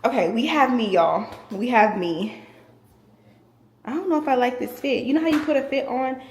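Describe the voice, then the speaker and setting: A woman's voice: on the high side, moderate pace, darkish tone. A young woman giving a chatty apartment tour, talking straight to her viewers. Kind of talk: casual chat to camera. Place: large empty apartment, indoors. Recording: echoey empty rooms, faint background noise.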